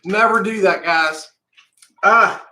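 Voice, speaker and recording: A man's voice: fairly high pitch, expressive, sharp tone, reverberant, slight background noise. A male vlogger reacting on camera with a burning mouth, short of breath and groaning in pain. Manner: pained, groaning, slow-spoken. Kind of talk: reacting on camera to a hot pepper.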